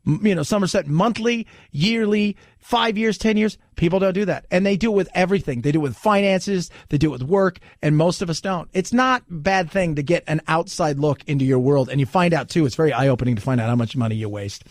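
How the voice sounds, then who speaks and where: Animated, high-voiced male talk radio host. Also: fairly quick, few pauses, no echo, clean studio sound. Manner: rambling, animated, mimics voices. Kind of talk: casual talk radio with live ad reads.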